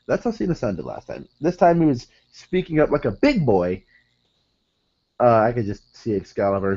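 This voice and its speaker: A man's voice: medium pitch, sing-song, brisk, dark tone, highs cut off. A man hosting a podcast, recapping a wrestling show in a casual, rambling way full of fillers and self-corrections, in a room with curtains behind him. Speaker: podcast host.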